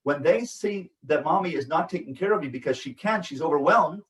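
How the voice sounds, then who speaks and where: A man's voice: fairly high pitch, animated, brisk, a bit bright. A man, a rabbi, giving a parenting lecture in an emphatic, repetitive way that keeps checking in with his listeners. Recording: echoey room, voice from a distance.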